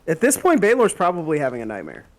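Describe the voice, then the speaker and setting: A man playing a tabletop game, chatting casually with animated, quick asides. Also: a little high. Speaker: player.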